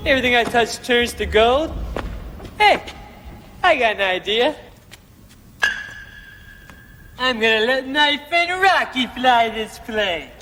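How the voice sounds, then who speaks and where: A man's voice: extremely high pitch, animated, a little slow. An actor playing an arrogant, abusive young male rock star in a sketch, talking in a sneering, boastful way. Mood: bossy. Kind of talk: sketch comedy acting before a live audience. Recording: stage sound with audience noise.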